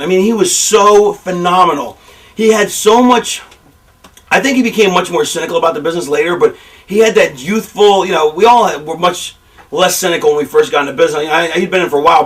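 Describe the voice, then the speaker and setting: A high-pitched man spins loose, profane stories about his trade, jumping between thoughts as he goes. He sounds set back from the microphone, so his voice carries a little distance. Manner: rambling, profane, animated storytelling. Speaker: pro wrestler giving a shoot interview. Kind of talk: candid storytelling interview.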